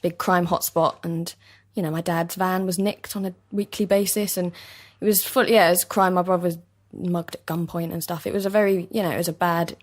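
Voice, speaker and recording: East London actress guest, young, lowish voice, chatty and easygoing, laughs easily. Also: female voice, steady tone. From East London, England. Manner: chatty, agreeable, quick to laugh. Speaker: actor guest. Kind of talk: casual interview chat. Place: basement recording studio.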